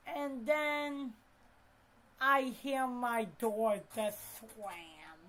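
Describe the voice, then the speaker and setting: A high-pitched woman drawling through a casual storytime at a very unhurried pace. She rambles, restarts her sentences, leans on fillers and drops slangy swears along the way. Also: low-quality recording. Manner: profane, slangy. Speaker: storytime vlogger.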